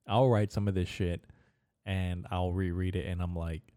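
A young man rambles through his own solo podcast in a low, dark, mellow voice, swearing freely and laughing at his own jokes. The recording is dry and close, with no room sound around him. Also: fairly even intonation, normal speed, no room sound. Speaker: podcast host. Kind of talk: casual solo podcast monologue.

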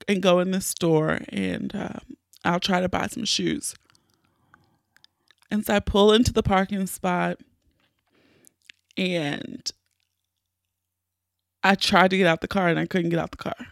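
A tearful woman hosts a podcast and tells a personal story at an unhurried pace. Her voice is gravelly, and the sound is dry and close. She talks candidly, with many fillers and restarts. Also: on the low side, no echo. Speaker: podcast host.

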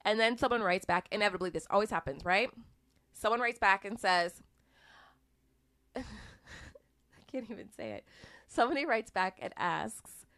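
A woman talking casually about clear communication, acting out little exchanges and laughing now and then. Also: medium pitch, normal speed, pauses often, dry recording. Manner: animated, acts out little dialogues, laughs between points. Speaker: speaker giving communication advice. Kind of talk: casual talk to the listener.

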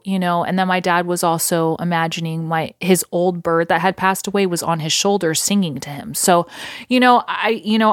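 A woman's voice: fairly low pitch, dry recording, studio quality. A woman hosting a podcast, casually telling a ghost story in a rambling way with lots of fillers and restarts. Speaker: podcast host.

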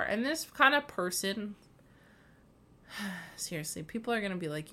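A woman's voice: mid-range voice, lively intonation, moderate pace, long pauses, pushed and bright. Young woman, solo podcast host; loose, rambling delivery, filler-heavy, swears casually.

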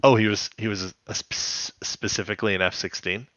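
A man's voice: on the low side, steady tone, brisk, a bit bright, dry recording. A man co-hosting a podcast in casual chat, rambling and giggly. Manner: rambling, giggly, puts on jokey quotes. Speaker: podcast co-host.

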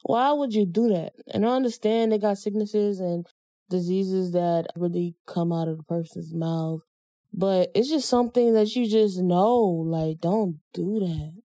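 A woman's voice: on the low side, a little slow, dry recording. A young adult woman hosting a podcast in a casual chat, telling stories bluntly with lots of slang. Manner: blunt, slangy, animated storytelling. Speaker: podcast host.

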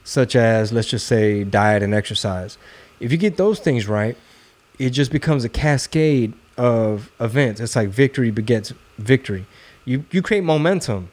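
A man's voice: medium pitch, expressive, moderate pace, a little mellow. A man hosting a podcast, talking in a loose, profane, joking way. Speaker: podcast host. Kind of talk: casual podcast chat.

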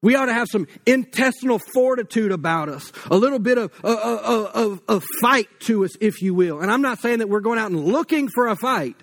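A man's voice: high voice, animated, fairly quick, hardly any pauses, fairly bright tone. A man preaching a sermon in a conversational, folksy way, with casual asides. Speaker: pastor.

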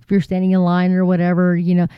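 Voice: medium pitch, completely flat delivery, fast talker, smooth, no room sound, muffled recording. A faith vlogger chatting casually to viewers in a rambling, folksy way, with many fillers and preachy turns. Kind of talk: casual chat to camera.

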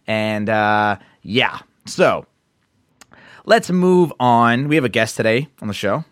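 A man's voice: medium pitch, animated, takes it slowly, smooth, no echo, studio quality. A man with a New Jersey accent co-hosting a casual podcast, chatty and laughing as he tells stories. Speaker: podcast co-host.

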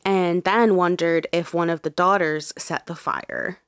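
Podcast host, woman, sick, chatty, fond of "like", lower pitch, very dry sound. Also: steady tone, a little slow, clear, resonant tone, no room sound. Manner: chatty, laughs often, says "like" a lot. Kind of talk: casual true crime storytelling.

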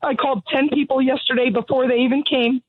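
Woman, middle-aged, radio caller, angry, blunt, out of breath, high voice, tinny phone line. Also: steady tone, fast, husky. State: out of breath from pacing. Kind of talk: call-in radio conversation.

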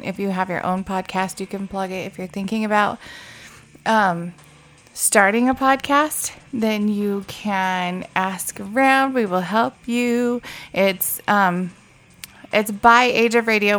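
A woman's voice: mid-range voice, fairly bright tone. A woman hosting a podcast, rambling casually and swearing freely. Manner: profane, rambling, loose. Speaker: podcast host.

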